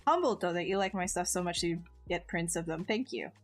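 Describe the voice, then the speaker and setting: A woman's voice: fairly low pitch, a little fast, faint music behind. A woman chatting casually on a live stream while she sculpts, answering viewers in a self-mocking way that often trails off and restarts.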